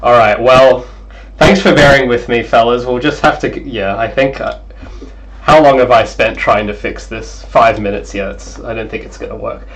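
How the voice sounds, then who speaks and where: A young man streaming as a game developer, chatting casually and excitably, apologizing often, over a cheap gaming headset mic. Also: medium pitch, moderate pace, poor audio. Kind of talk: casual livestream chat.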